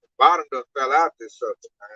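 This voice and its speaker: A man explaining scripture in an emphatic, colloquial preaching style, sometimes breaking into a shout, on a dull lo-fi recording. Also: medium pitch, quick pace, husky, no echo. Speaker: teacher expounding scripture. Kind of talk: animated street-style preaching.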